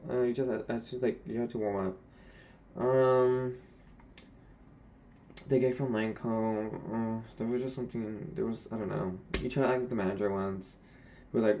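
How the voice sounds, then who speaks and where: A man's voice: mid-range voice, darkish tone. A young man, a former retail worker, speaking to camera in a candid, sassy and blunt rant about old coworkers.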